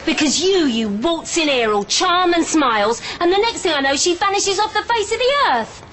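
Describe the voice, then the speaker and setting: A woman's voice: extremely high pitch, sing-song, moderate pace, a bit bright, full character voice. An actress playing a suspicious, angry middle-aged mother who accuses and fires questions in a television drama. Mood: accusing. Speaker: drama clip.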